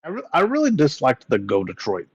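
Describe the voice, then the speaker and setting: A man with a gravelly, fry-tinged voice talks casually as a podcast co-host, laughing often and swearing freely. The recording sounds muffled and lo-fi, with a dry, close sound and no room echo. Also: a little high, wildly swooping pitch, a little fast, darkish tone. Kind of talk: casual chat.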